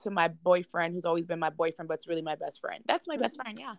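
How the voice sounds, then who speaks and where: A woman's voice: lowish voice, lively intonation, fast, creaky, no room sound. A young woman, co-hosting a casual podcast chat, blunt and playful. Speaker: podcast co-host.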